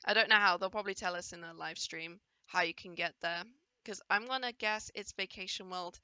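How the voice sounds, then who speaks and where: A woman's voice: fairly low pitch, brisk, sharp tone, smooth, no echo. A woman giving casual, enthusiastic commentary over a game trailer, now and then playfully voicing the characters she sees. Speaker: gaming video creator reacting to a trailer.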